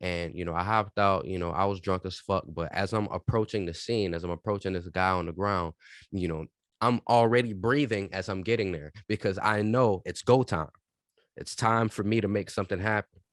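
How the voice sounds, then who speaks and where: A man's voice: low voice, moderate pace, no echo, studio quality. A man co-hosting a podcast, telling stories in a casual, emphatic and profane way. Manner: animated storytelling, emphatic and profane. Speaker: podcast co-host. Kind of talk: casual chat.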